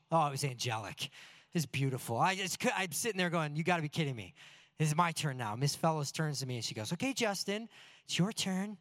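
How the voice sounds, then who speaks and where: High-voiced earnest male preacher. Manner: earnest, animated, self-deprecating. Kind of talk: sermon with personal storytelling.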